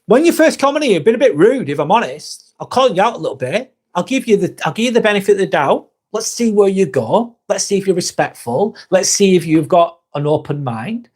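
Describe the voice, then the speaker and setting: Male live vlogger, slightly high voice, casual and friendly, firm with trolls. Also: very animated, brisk, hardly any pauses, a little mellow, slightly rough. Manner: chatty, calls viewers mate, firm with trolls. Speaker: live stream host. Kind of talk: casual live chat reading comments.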